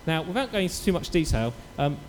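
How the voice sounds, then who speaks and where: A man preaching a sermon in church, telling a story with lively acted-out quotes. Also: fairly high pitch, fast, in a large hall, slight background noise. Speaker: pastor.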